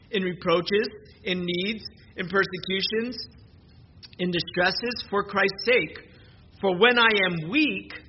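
High-voiced man preaching a sermon. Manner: earnest, with frequent repeated words and restarts. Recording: muffled lo-fi sermon recording with background noise.

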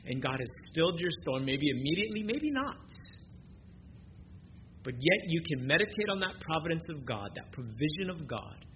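A man preaching a sermon as pastor, earnest, moving between soft, quiet stretches and emphatic rises. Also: mid-range voice, animated, unhurried, long pauses. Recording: dull lo-fi recording with noise.

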